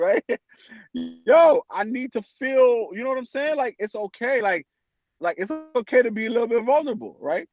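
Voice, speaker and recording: A man talking as a podcast guest in an animated, casual way, acting out his friends' voices as he tells stories. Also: extremely high pitch, fairly quick, dry recording. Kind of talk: casual chat. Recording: dry, dull lo-fi sound.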